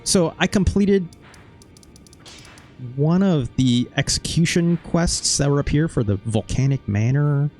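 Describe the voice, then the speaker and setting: A man's voice: on the high side, animated, a little slow, darkish tone, soft background music. A man hosting a gaming video, recapping his playthrough in rambling, casual commentary and swearing offhandedly. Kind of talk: casual let's-play commentary.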